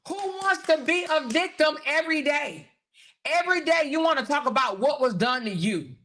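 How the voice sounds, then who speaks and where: Woman going off on her livestream, bright punchy voice, fed up and mocking. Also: fairly high pitch. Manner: animated, exasperated ranting with mocking quotes; reads live chat aloud. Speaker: host. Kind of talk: livestream commentary.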